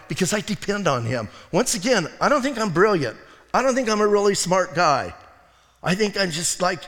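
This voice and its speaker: Male pastor, sermon delivery, animated storyteller; slightly high voice, long reverb from a church hall. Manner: animated storytelling with acted quotes and laughs. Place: church sanctuary.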